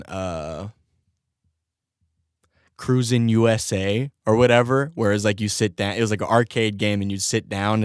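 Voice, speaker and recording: Laid-back young man, lowish dry voice. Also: clean tone, no room sound. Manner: laid-back, profane, laughs often while telling stories. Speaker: podcast host. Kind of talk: casual solo podcast storytelling.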